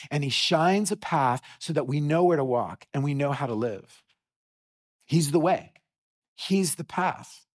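A middle-aged man preaching a sermon in a church, telling a story with animated energy and frequent restarts. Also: on the high side. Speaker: pastor.

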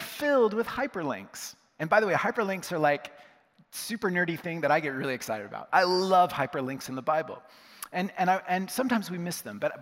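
A man preaching a sermon, teaching with lively, conversational rhetorical questions. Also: a little high, in a large hall. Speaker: pastor.

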